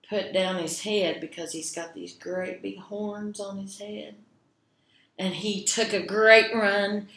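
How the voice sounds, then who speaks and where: A woman librarian telling a children's story, gentle and expressive, speaking directly to the kids. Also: mid-range voice. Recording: echoey room.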